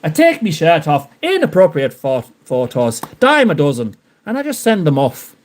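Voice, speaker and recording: A man doing a put-on Irish accent as a cheeky, shameless Irishman, talking high and excited and breaking into laughs. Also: moderate pace. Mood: gleeful.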